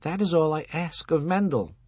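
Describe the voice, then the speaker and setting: A man's voice: a little high, expressive, a little mellow, husky, no room sound, pitched above the performer's own voice. A man voicing an older rabbi and husband, stern and commanding, speaking in a lofty, preaching manner. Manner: lofty, preaching, slow on emphasis.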